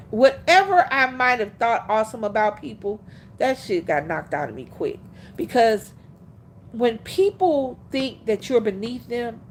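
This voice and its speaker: A woman hosting a livestream, telling stories in a casual, animated way, laughing often and speaking bluntly. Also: medium pitch, a little hiss or hum. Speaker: livestream host.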